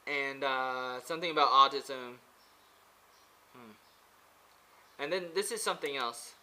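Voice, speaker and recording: A man's voice: medium pitch, unhurried, pushed and bright, rough recording. A man vlogging from a pagoda in a rambling, casual monologue. He hesitates often, with many fillers and restarts.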